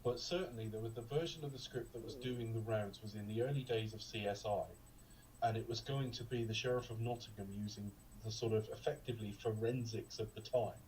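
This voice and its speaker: A man's voice: fairly low pitch, steady tone, a little fast, darkish tone, distant mic, a little hiss or hum, poor audio. A man co-hosting a podcast, chatting casually about a film in a rambling, digressive way with lots of ums. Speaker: podcast co-host. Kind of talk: casual film review chat.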